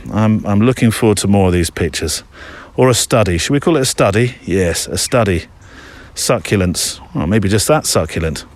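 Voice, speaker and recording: A middle-aged man hosting a podcast alone, talking casually and rambling with frequent restarts while out on a walk among trees. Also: low voice. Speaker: podcast host. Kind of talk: casual solo podcast monologue.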